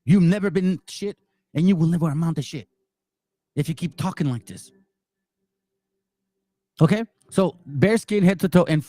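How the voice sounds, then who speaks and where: An angry man holds forth in a high voice that leaps all over the place. He talks in a profane, mocking way and keeps repeating himself. The sound is dry and close, with no room echo. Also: mellow. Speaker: religious commentary channel host. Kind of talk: heated monologue commentary.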